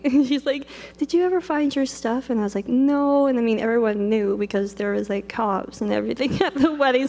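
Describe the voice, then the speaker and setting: A woman's voice: a little high, a little mellow. A young woman from Canada, a wedding photographer telling a personal story at length, full of "like" and quoted self-talk. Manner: fast, filler-heavy retelling with many "like"s and acted quotes. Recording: long reverb of a large hall.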